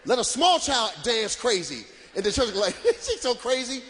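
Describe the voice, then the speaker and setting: A man performing live stand-up comedy, loud and animated, shouting punchlines to the crowd from a stage. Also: high voice, moderate pace. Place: stage before a live audience.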